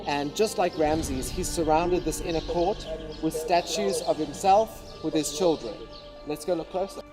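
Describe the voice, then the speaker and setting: A man's voice: on the high side, measured pace. A man casually explaining a temple to the viewers as a guide. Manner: relaxed, explanatory. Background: music.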